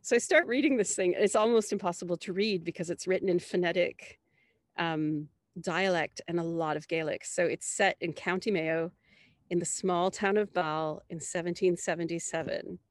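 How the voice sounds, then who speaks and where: A woman with a slightly low voice recounts an experience as an interview guest, animated and breaking into high laughs. She is from Canada and restarts her phrases often. The sound is dry and close. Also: moderate pace, dry recording. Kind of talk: conversational interview storytelling.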